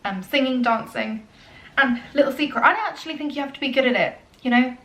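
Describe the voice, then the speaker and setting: A woman's voice: high-pitched, quick pace. Young female vlogger, casual and earnest, filler-heavy, echoey room sound. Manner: chatty, earnest, frequent ums, turns soft and emotional. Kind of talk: casual get-to-know-me Q&A.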